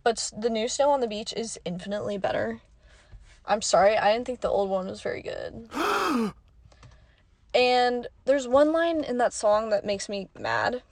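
A woman's voice: a little high, moderate pace, no echo. Chatty young woman podcasting from a car. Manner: rambling, chatty, laughing often. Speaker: podcast host. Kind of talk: casual chat. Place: parked car.

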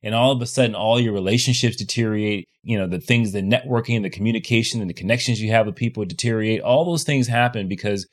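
Man, lower voice, podcast co-host, calm explainer who laughs easily. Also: quick pace, hardly any pauses. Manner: explains calmly, coaching tone, laughs often. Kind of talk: casual podcast chat.

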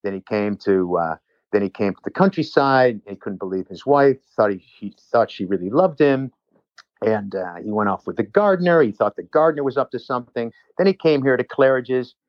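A man's voice: medium pitch, expressive, normal speed, no room sound, highs cut off. A man, a personal trainer, telling a long rambling story in casual chat with many restarts and asides.

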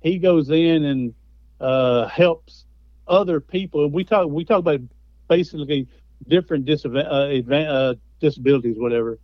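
A man with a fairly high voice, speaking at normal speed, appears as a guest author in a conversational interview. He tells stories in a folksy way. The recording is muffled, with no room sound.

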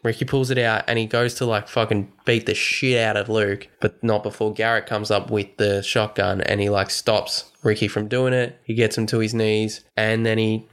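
A man co-hosting a podcast, excitedly retelling a movie plot in casual chat and swearing freely. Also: on the low side, normal speed, few pauses, clear, resonant tone. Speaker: podcast co-host. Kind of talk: casual film recap chat.

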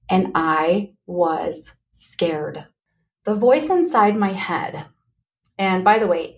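A woman hosting her own podcast, talking candidly and earnestly to listeners in a motivational pep talk, speeding up then slowing on key words. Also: on the low side. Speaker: podcast host.

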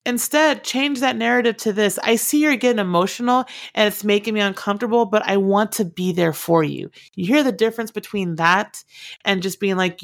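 A woman's voice: mid-range voice, creaky. A woman giving direct, earnest relationship advice and repeating her key points for emphasis. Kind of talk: advice talk to camera.

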